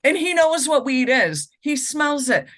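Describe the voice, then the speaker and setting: A woman's voice: sits high, sing-song, a little slow, a bit bright. A woman from the US East Coast co-hosting a podcast, telling a story in casual chat and swearing freely. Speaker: podcast co-host.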